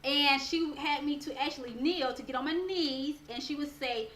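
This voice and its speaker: A woman life coach telling a personal story in a motivational talk, earnest and animated, building toward a preaching close. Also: high voice, moderate pace, hardly any pauses, a little hiss or hum. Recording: roomy echo with faint background ambience.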